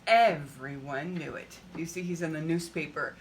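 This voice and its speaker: A woman's voice: low voice, normal speed, slight background noise. A woman reading a children's picture book aloud, stopping often to ask the listener questions. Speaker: storybook reader.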